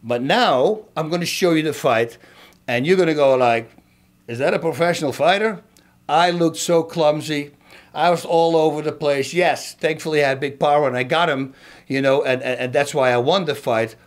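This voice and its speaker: A man's voice: a little high, moderate pace. A middle-aged man, a former fighter, telling a story and breaking down a fight for his viewers in a casual, emphatic way. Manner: animated, emphatic, talks straight to viewers.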